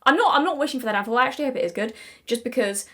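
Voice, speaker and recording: A woman's voice: on the high side, lively intonation, rapid-fire, a bit bright. A young British woman giving casual commentary to camera, chatty and digressive, often apologizing, and emphatic and exasperated at times. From Britain. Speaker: video essayist.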